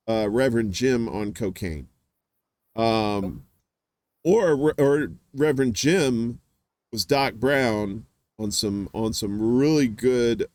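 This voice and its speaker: A man hosting a casual live-stream chat, telling rambling stories full of filler words and dropping into quick voice impressions. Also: medium pitch, dry recording. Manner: does quick voice impressions of others. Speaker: host.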